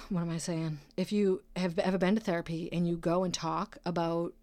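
A woman's voice: lowish voice, flat delivery, moderate pace, dark tone, no room sound. A woman from Massachusetts, around her thirties, hosting a casual solo podcast and rambling with jokes and profanity. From Brockton, Massachusetts, USA. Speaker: podcast host; nurse.

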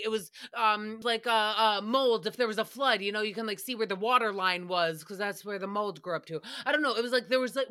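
A woman's voice: on the high side, pushed and bright. A young woman hosting a podcast recap, talking in a rambling, profane, exasperated way. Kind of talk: casual solo recap chat.

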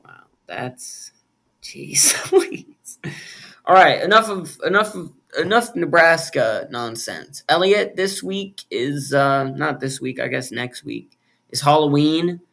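A man's voice: on the high side, animated, unhurried, creaky, a bit bright. A man co-hosting a film podcast in casual chat, playful and joking with frequent laughter. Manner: playful, jokey, laughs often. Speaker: podcast co-host.

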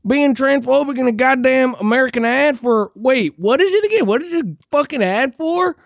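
Male podcast host, sarcastic profane rant, wildly swinging pitch, dry close sound. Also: animated, normal speed, creaky, no echo. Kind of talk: ranting reaction commentary.

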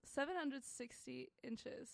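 A young woman co-hosting a podcast, chatting casually in an animated, joking way. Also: high-pitched, takes it slowly, creaky, no echo, studio quality. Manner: animated, joking, breaks into mock voices. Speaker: podcast co-host. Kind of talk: casual chat.

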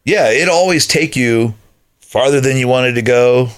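A man's voice: medium pitch, measured pace, clean tone. A man in his thirties, a podcast guest, telling his life story in a conversational way and acting out what his friends said.

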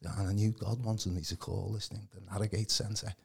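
Man, low gravelly husky voice, lively casual testimony. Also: normal speed. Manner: animated, acts out quoted voices, calls the host mate. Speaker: guest giving testimony. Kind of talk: casual storytelling.

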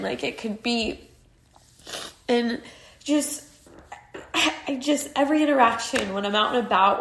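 On her podcast, a twentysomething woman with a creaky voice on the high side shares her feelings candidly and warmly. The talk is a casual personal monologue peppered with "like."

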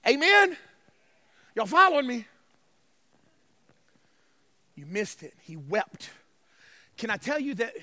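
A male pastor preaching a sermon, swinging from shouted declarations to hushed passages and calling out to the congregation. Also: extremely high pitch, huge pitch swings, slow, pauses often. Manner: calls to the congregation, y'all. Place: church sanctuary.

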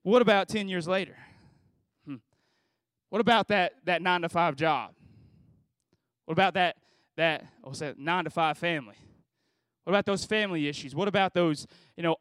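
A man's voice: high-pitched, expressive, normal speed, pauses often, a bit bright, no echo. A man in his thirties giving a conversational sermon at a graduation service, asking the audience question after question and circling back on his phrases. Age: 30s. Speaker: pastor.

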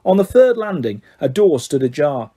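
Male storybook narrator, lively and expressive, mellow husky tone. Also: fairly high pitch, normal speed. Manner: expressive, animated reading. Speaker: audiobook narrator. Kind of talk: scripted narration.

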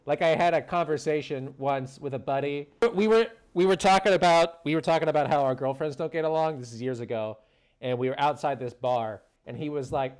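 A man in casual chat as a podcast guest, animated and quick to get riled up. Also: on the high side, clean tone.

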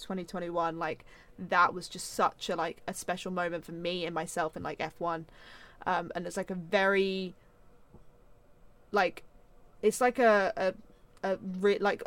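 A young Englishwoman co-hosting a laid-back podcast tells an excitable story, swearing freely and acting out her own reactions. Her voice sits on the low side.

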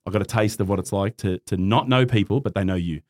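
In a fairly low, fast voice, a middle-aged man with an Australian accent recounts something from his own life while chatting casually on a podcast. He laughs frequently and animatedly voices the characters he quotes.

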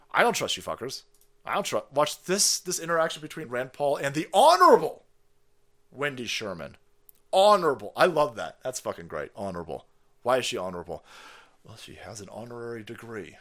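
Profane ranting man, bright voice. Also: medium pitch. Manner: angry, swearing, mocking. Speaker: stream host.

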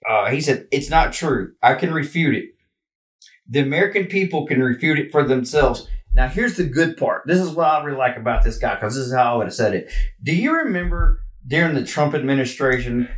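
A man's voice: fairly high pitch, a bit bright, far from the mic. A man ranting in a political commentary monologue, indignant and profane, hammering his points emphatically. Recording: echoey room, away from mic.

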